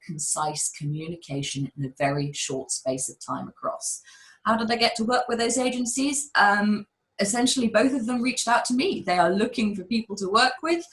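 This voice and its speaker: A woman with a neutral British accent, a public speaking coach giving energetic, emphatic advice on a webinar video call. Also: mid-range voice, poor audio. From United Kingdom. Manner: emphatic, energetic storyteller, addresses the audience directly.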